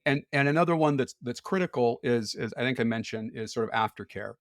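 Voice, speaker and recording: Candid man explaining in a relaxed chat. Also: medium pitch, brisk, dry recording, clean studio sound. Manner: candid, explanatory, often laughs. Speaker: podcast guest. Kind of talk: casual conversation.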